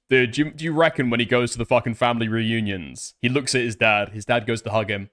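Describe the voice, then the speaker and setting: A man's voice: mid-range voice, quick pace, fairly bright tone. A man hosting a commentary video, mocking a streamer in a sardonic, crude way. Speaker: commentary host.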